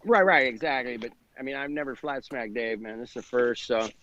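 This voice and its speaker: A man's voice: medium pitch, fairly quick, bright, forceful tone. Laid-back guy teasing his buddy, kinda muffled. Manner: easygoing, teasing. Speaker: podcast co-host. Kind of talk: casual chat. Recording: slightly dull sound with faint noise.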